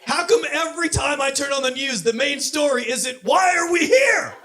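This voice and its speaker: High-voiced man doing stand-up. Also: expressive, normal speed. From Southern California. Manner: punchy delivery that builds to shouted punchlines. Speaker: stand-up comedian. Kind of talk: stand-up comedy set. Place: comedy club stage with laughing audience.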